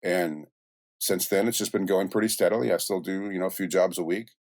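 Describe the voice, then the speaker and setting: A middle-aged man, a voice actor and music producer, telling stories in a relaxed interview with many restarts and asides. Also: low-pitched, brisk, no room sound, clean studio sound. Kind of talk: casual interview chat.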